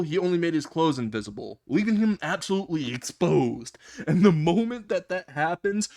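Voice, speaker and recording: Man telling a comedic story, laughing. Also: a little high. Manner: laughs at own jokes, swears casually. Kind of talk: comedic fan-fiction storytelling.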